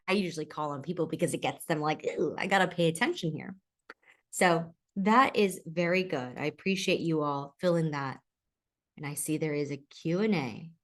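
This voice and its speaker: A woman leads a public speaking webinar over a video call. Her voice sits a little low, and she talks in an easy, conversational way, reading audience questions from the chat. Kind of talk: live webinar teaching.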